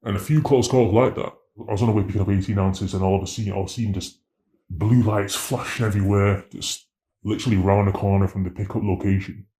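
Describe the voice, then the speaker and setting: Low, mellow man telling stories. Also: quick pace, echoey room. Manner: slangy, animated storyteller acting out dialogue. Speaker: interviewee, former drug dealer. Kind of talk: storytelling interview.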